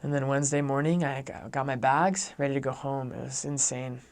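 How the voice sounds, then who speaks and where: A man's voice: medium pitch, steady tone, fairly quick. A young man, a returned missionary, telling a personal story earnestly and acting out the dialogue of the people in it. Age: young adult. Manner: earnest, acts out quoted dialogue.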